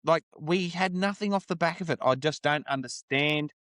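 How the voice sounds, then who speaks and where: A man's voice: a little high, normal speed, a bit bright, no room sound. An Australian man co-hosting a sports podcast, ranting and swearing about a rugby league game in casual chat. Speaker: podcast co-host. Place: studio.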